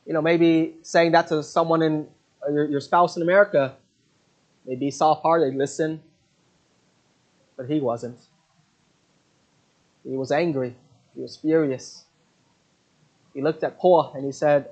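Earnest man preaching a mission sermon. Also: a little high. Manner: earnest, halting, with many fillers. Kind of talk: sermon with storytelling. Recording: dull lo-fi recording.

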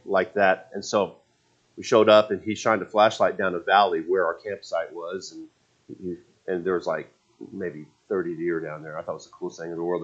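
A man in his forties tells a personal story in a casual, rambling way, with many restarts and fillers. His voice sits low. The recording is muffled and lo-fi. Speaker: speaker telling a personal story. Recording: dull lo-fi sound.

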